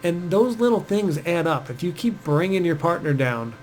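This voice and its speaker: A man's voice: on the high side, sing-song, moderate pace, a little hiss or hum, poor audio. A man giving casual dating advice, chatty and full of fillers, acting out quoted speech as he goes. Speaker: dating coach.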